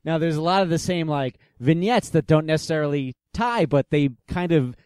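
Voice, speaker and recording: A man's voice: a little high, normal speed, a little mellow, clear, resonant tone, dry recording, clean studio sound. A young adult man co-hosting a podcast, chatting casually and laughing often as he asks the others questions. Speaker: podcast co-host. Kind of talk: casual chat.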